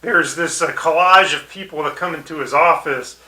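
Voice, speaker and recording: Bright-voiced guy chatting about an episode, laughs a lot, roomy echo. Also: moderate pace. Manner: laughs often, acts out quoted lines in high put-on voices. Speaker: podcast co-host. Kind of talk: casual episode review chat.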